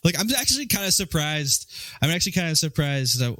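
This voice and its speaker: A man co-hosting a podcast in casual chat, telling jokes with animated delivery and laughing at his own punchlines. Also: fairly high pitch, brisk, no room sound. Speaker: podcast co-host.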